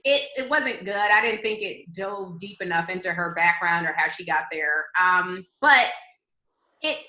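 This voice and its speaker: A woman hosting a podcast over a video call, chatting casually, animated and laughing, often restarting her sentences. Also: fairly low pitch, unhurried, roomy sound. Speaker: podcast host.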